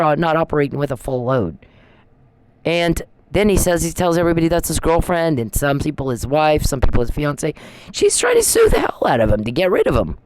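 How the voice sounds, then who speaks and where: A woman's voice: deep voice, darkish tone, no room sound. A woman ranting straight at someone in a blunt, accusatory, profane vlog monologue. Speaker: vlogger. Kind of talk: angry direct-address rant.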